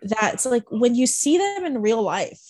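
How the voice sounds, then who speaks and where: A woman's voice: on the high side, very animated, a little slow, a little mellow, no room sound. A young woman telling a concert story in casual chat, rambling, saying "like" a lot, swearing and laughing often. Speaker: podcast co-host.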